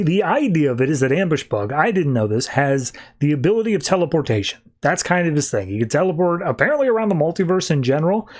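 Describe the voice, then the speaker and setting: A man with a fairly high voice hosts a podcast and recaps a comic book in a loose, chatty way. He keeps the tone wry and amused and often drops into quick quoted lines from the characters. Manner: animated retelling that slips into quick character quotes. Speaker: podcast host.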